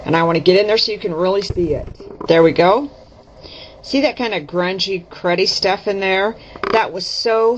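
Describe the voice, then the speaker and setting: Speaking in a lowish register, this woman talks through her craft projects on camera, folksy and chatty, fixing her own slips as she explains each stage. She records with the camera's built-in mic, so the sound is dull and lo-fi with a slight hiss or hum.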